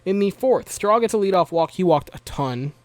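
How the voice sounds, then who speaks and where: A man's voice: high voice, expressive, moderate pace, dry recording. Chatty young man with a dry, close sound. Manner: chatty, joking asides, frequent fillers. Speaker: baseball recap vlogger. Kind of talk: casual game recap.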